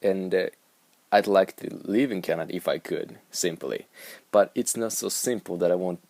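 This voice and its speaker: A man's voice: low-pitched, normal speed, vocal fry, a little mellow, no room sound. A young man with a Japanese accent, rambling and musing aloud in a casual vlog. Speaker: vlogger.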